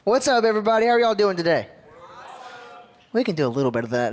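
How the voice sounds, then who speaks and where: A man's voice: high-pitched, animated, fast talker. A man from Ohio giving a casual, upbeat church leadership talk, joking and drawing in the audience.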